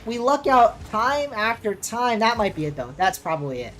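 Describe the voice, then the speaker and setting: A woman's voice: on the high side, very animated, normal speed, a bit bright, slight background noise. An American woman streamer chatting casually with viewers while playing and reacting to the match. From United States. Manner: chatty, reacting to gameplay and chat. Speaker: streamer and caster.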